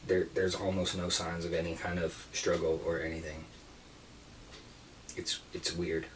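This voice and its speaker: A man's voice: low-pitched, little pitch movement, distant mic, slight background noise, rough recording. A man playing a somber small-town cop. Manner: hesitant, halting delivery with many ums. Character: somber male small-town police officer.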